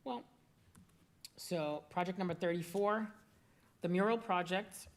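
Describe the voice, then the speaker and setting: A woman's voice: on the low side, unhurried. A woman with a Boston accent chairing a council meeting, talking casually and businesslike with fillers. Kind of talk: public meeting discussion.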